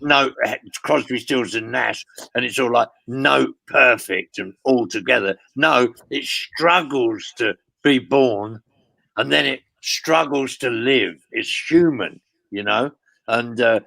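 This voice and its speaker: A man's voice: mid-range voice, slow pace, gravelly, bright, forceful tone, dry recording, poor audio. An older man telling long rambling road stories in a casual interview, swearing freely and padding with "you know what I mean". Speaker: guest storyteller.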